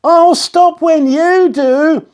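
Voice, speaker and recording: A man's voice: extremely high pitch, drawn-out words, a little mellow, pitched above the performer's own voice, exaggerated voice. A man doing a squealing gleeful little girl. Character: excited little girl on a tricycle. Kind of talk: storybook character voice.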